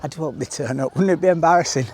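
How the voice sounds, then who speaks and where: A vlogger leads a walking tour down a seaside village street, filming with a handheld camera and chatting in a wry, self-mocking way. His voice is fairly high, darkish and slightly rough, and he talks at a racing clip over outdoor street noise.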